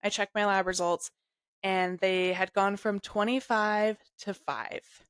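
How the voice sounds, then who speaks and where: A young adult woman telling a personal story in an interview, halting and emotional, full of "like". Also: mid-range voice, fairly even intonation, a bit bright, clean tone, no echo. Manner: halting, emotional, heavy use of "like". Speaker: guest sharing her story.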